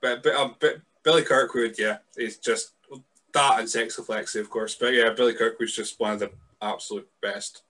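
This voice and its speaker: A Scottish man hosts a podcast in a relaxed, hesitant manner, often pausing on fillers. His voice is very bright and forceful, sitting at a middle pitch. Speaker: podcast host. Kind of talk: casual podcast chat.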